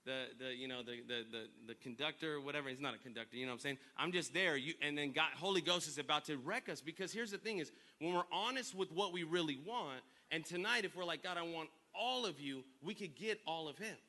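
A man preaches with a high, bright, piercing voice. He reads scripture aloud and drives his congregation to answer back, swinging between quiet reflection and loud, shouted calls. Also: fast talker, few pauses. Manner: energetic call-and-response preaching, builds to shouting. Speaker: pastor. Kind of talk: sermon.

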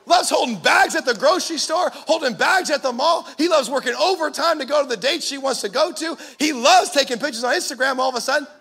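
High, gravelly, bright-voiced preacher man. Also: fast, hardly any pauses. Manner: impassioned, punchy preaching. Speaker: pastor. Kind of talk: sermon.

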